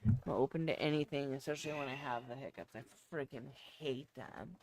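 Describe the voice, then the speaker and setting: A woman co-hosting a lifting show, reading viewer comments aloud in a slow, halting way with many ums, and suffering from hiccups. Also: rumbling low, a little mellow. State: has hiccups. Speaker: co-host reading viewer chat. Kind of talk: casual chat, reading comments.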